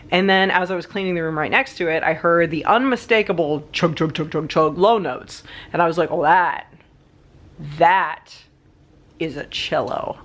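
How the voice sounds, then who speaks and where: A woman vlogger tells a story casually to her viewers, her voice sitting a little low. She talks in a chatty, animated way, with frequent laughs and asides.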